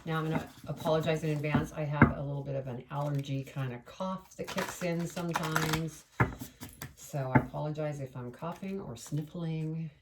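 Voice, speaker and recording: A woman leads a relaxed tarot reading, wandering from thought to thought and speaking aloud to spirit between cards. Her voice sits low and has a gravelly edge. She is recorded from a distance, with a clear layer of background noise. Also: normal speed. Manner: chatty, meandering, addresses spirit aloud. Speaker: tarot reader. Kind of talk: casual tarot reading to camera.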